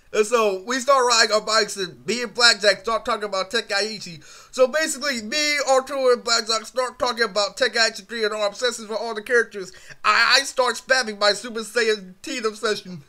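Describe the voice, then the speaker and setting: A man's voice: very high voice, sharp tone. A young man telling a rambling, profane story in a casual vlog, full of fillers. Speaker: vlogger.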